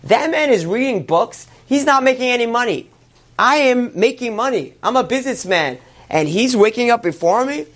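A man's voice: very high voice, animated, brisk, few pauses, pitched above the performer's own voice. A man voicing a proud male carpenter neighbor who sounds indignant and boastful.

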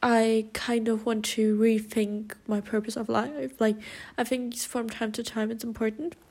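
A young woman hosts her own podcast in a casual solo chat, talking emotionally and confessionally and laughing often. She rambles with lots of fillers, restarts and self-corrections. Her voice is fairly high and darkish, with little pitch movement and a slightly slow pace.

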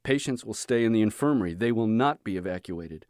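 A man's voice: lowish voice, lively intonation, a little fast, a little mellow, smooth, no room sound, studio quality, lightly acted. A man voicing a firm, announcing doctor. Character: brisk male camp doctor making announcements.

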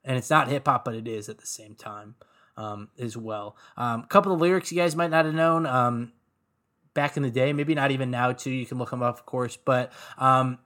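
A man's voice: mid-range voice, steady tone, moderate pace, fairly bright tone. A man co-hosting a podcast, talking casually about music in a rambling way, full of "like" and "um". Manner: rambling, heavy on fillers like "like" and "um". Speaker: podcast co-host.

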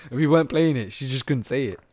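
A man telling travel stories on a podcast, animated and slangy, full of "bro" and "like". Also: medium pitch, fast talker. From England. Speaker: podcast host. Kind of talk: casual storytelling chat.

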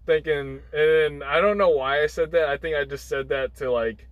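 A young male guest storyteller, his voice on the high side and his pace moderate, rambles through a personal anecdote in casual chat. He uses many fillers and restarts and acts out quotes. The recording sounds dry and rough.

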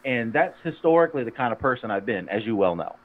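A man co-hosting a fitness podcast, gruff and teasing, rambling with restarts. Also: medium pitch, expressive, fast talker. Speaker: podcast co-host. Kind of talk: casual podcast chat. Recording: tinny phone-like sound.

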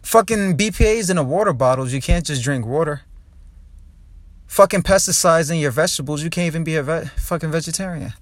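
Hosting his podcast from his car, a young New Jersey comedian delivers a heated, profanity-laden monologue in a fairly high voice at a brisk pace. No room sound is audible.

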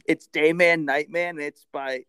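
Slightly higher young man, laughing banter. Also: fairly even intonation, moderate pace, a bit bright, smooth. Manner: laughs at his own jokes, drops into quoted voices. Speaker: podcast co-host. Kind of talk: casual banter.

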